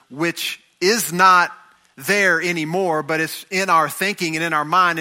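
Bright high-voiced man preaching. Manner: preaching, acting out voices of Bible figures with rising intensity. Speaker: pastor. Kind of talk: sermon.

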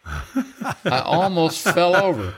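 A man's voice: high voice, huge pitch swings, slow, fairly bright tone, breathy edge. An older man, a retired pro golfer, telling stories as an interview guest, chatty, often chuckling and restarting mid-sentence. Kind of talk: relaxed storytelling.

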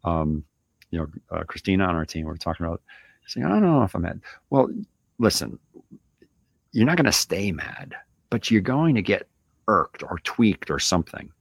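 A man's voice: low voice, very animated, normal speed, long pauses, no echo. A man hosting a show, giving a casual coaching monologue in a loose, conversational way with lots of filler. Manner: loose, conversational, lots of "you know" and "right?". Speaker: business owner and show host.

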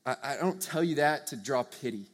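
A young man preaching a sermon to a live audience, earnest and conversational, swinging from hushed to loud emphasis. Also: medium pitch, animated, moderate pace. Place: church or meeting hall with a live audience.

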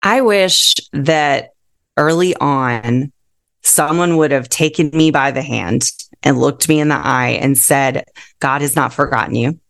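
A woman's voice: sits low, slow, creaky. A woman speaking as a guest author and counselor in a casual interview, talking in an earnest, heartfelt and emphatic way.

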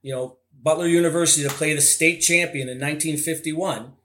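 Male podcast host, fairly high voice, loose and rambling delivery. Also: fairly even intonation, brisk, bright, forceful tone, slight background noise. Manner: rambling, heavy on "like" and "you know". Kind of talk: casual interview chat.

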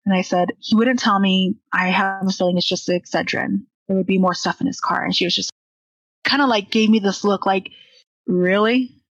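A woman's voice: mid-range voice, steady tone, moderate pace, vocal fry, no echo, dull audio. Young woman telling a candid personal story. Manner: candid, acts out quoted dialogue.

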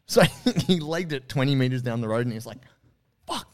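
A man hosting a podcast, telling a story in a casual, animated way, swearing freely and acting out the quotes. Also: mid-range voice, quick pace. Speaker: podcast host.

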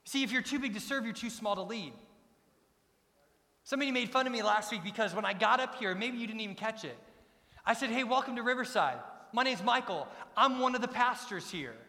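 A man's voice: very high-pitched, lively intonation, a little fast, sharp tone. A middle-aged man preaching a sermon as pastor, emphatic and repeating his key lines. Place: church sanctuary. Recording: long reverb of a large church hall.

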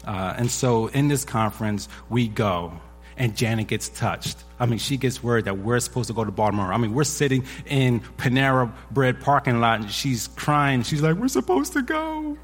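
A man in his forties, a pastor, telling a personal story from the pulpit in a husky voice, animated when he acts out what others said. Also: medium pitch, normal speed. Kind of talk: sermon testimony. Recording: echoey hall with long reverb.

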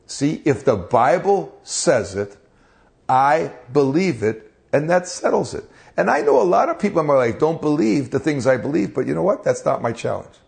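A man's voice: fairly high pitch, vocal fry, a little mellow. A man preaching in a conversational devotional style, earnest, asking rhetorical questions and often repeating words as he goes.

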